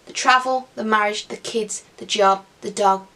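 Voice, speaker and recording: Chatty young woman with gravelly edges. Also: mid-range voice, fairly even intonation, moderate pace, sharp tone. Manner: chatty, upbeat, giggly asides. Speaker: vlogger. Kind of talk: casual Q&A to camera.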